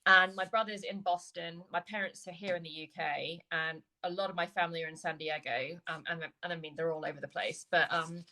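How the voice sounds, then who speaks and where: English woman host, upbeat and chatty, crisp bright tone, easy interview. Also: lowish voice, steady tone, rough recording. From England, with childhood years in California. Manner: chatty and upbeat, quick to agree. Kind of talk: casual video-call chat.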